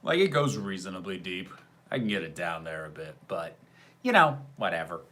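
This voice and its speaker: A man with a low, sing-song voice and a sharp edge speaks at a moderate pace. He hosts a livestream where he riffs casually on a film, fields questions from chat, and laughs a lot, usually sarcastically.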